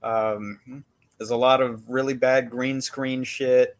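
A man's voice: mid-range voice, flat delivery, slow pace. A man co-hosting a podcast, giving a rambling, laid-back movie recap in casual chat. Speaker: podcast co-host.

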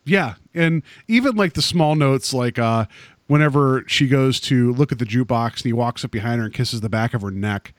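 A man's voice: medium pitch, normal speed, no room sound, studio quality. A man co-hosting a podcast, talking casually about a TV episode with lots of fillers and restarts. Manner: rambling, full of fillers and restarts. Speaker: podcast co-host. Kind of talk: casual chat.

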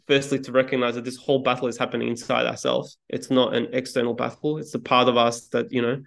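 A man being interviewed as a guest, telling a story in a calm, measured way with small restarts. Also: mid-range voice, gravelly. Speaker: podcast guest, speaking coach. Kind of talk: reflective interview talk.

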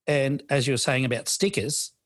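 A man's voice: mid-range voice, steady tone, normal speed, no room sound. A middle-aged man co-hosting a podcast, chatting casually with lots of fillers and restarts. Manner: rambling, full of fillers and restarts. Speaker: podcast co-host. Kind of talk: casual chat.

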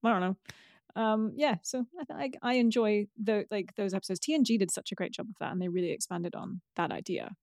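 A woman co-hosting a podcast, chatting casually with fillers and quick asides. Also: medium pitch, darkish tone, no echo, clean studio sound. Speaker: podcast co-host. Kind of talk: casual chat about a TV episode.

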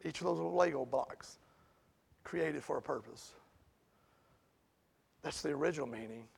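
A man preaching a sermon in a conversational way, asking the congregation questions and building to loud, emphatic peaks. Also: a little high, moderate pace, creaky, breathy edge.

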